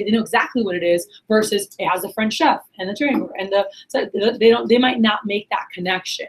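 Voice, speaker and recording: A woman's voice: medium pitch, fast, hardly any pauses, poor audio. A young woman leading a sales workshop. She talks chattily with lots of energy, quizzes the room, and acts out customer reactions. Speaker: sales trainer. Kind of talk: workshop teaching talk. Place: meeting room, in front of a group.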